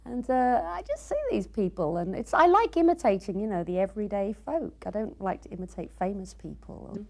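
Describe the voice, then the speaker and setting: A middle-aged English woman chatting in an interview, animated and quick to slip into mimicked voices. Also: mid-range voice. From England. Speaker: actress guest. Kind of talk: casual interview chat.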